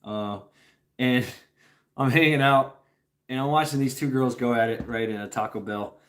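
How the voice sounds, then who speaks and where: A middle-aged man from Tennessee spins a loose, casual story for his stream chat, voice sitting at an ordinary male pitch. He laughs often, swears freely, and keeps trailing off and restarting his sentences. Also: normal speed, a bit bright.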